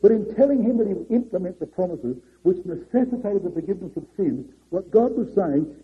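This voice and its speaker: Husky-voiced preacher on a lo-fi tape. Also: male voice, high-pitched, animated, fairly quick, hardly any pauses. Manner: earnest, swings from raised to hushed. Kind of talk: sermon. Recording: muffled lo-fi recording.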